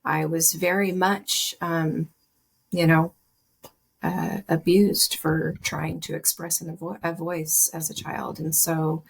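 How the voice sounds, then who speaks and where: A woman speaking as a podcast guest, soft and reflective, often hesitating and restarting her sentences. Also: deep voice, flat delivery, takes it slowly, creaky, breathy edge. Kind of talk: personal conversation.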